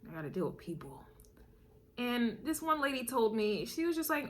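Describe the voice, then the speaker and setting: This tarot and astrology reader's voice is on the high side and sharp, swinging widely in pitch at a moderate pace. Casual and spiritual, she stresses her words, repeats herself, chuckles frequently and calls the listener baby.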